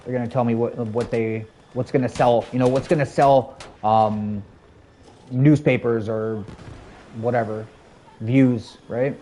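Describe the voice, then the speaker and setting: A man in his thirties streams a shooter game and chats with viewers as he plays. His voice sits at an ordinary middle pitch, and he rambles from one idea to the next in a relaxed, friendly way. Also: measured pace, a little hiss or hum. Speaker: gaming streamer. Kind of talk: casual live-stream chat while gaming.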